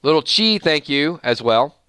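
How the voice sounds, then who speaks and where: A man hosting a live stream in an easy, chatty way, running through viewer shout-outs one after another. His voice is bright and forceful, with a smooth, crisp tone. The sound is dry and close, with no room echo. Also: on the high side, expressive, unhurried. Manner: rattles off long lists of viewer names and thanks. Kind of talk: casual live stream chat.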